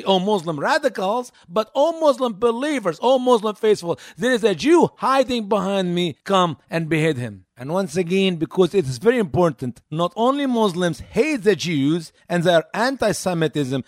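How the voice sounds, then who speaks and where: Emphatic man with a high, lively voice. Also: no echo, studio quality. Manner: emphatic, repeats phrases, rising to urgent pleas. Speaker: program host. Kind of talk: commentary monologue.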